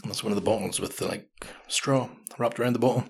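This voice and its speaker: A man's voice: fairly low pitch, fast talker, creaky, slightly rough. A man in his thirties hosting a podcast, chatting through a story in a casual, self-mocking way and swearing freely. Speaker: podcast host.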